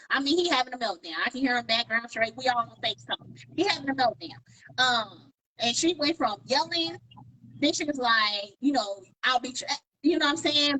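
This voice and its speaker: A woman co-hosting a podcast in casual chat, telling animated stories and acting out what people said. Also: sits high, poor audio. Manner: animated storyteller, acts out quoted dialogue. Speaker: podcast co-host.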